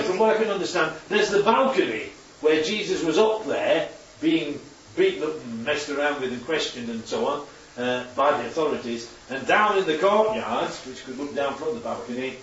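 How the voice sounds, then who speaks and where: A man's voice: on the high side, slight background noise. A man preaching a chatty sermon with slides to his congregation, constantly checking in with tag questions. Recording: echoey hall, distant dull mic.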